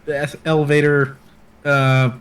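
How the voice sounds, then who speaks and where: A man guesting on a casual TV review podcast, talking in a relaxed, rambling way with many fillers. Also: fairly high pitch, smooth. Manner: relaxed, drawn-out, many likes and uhs.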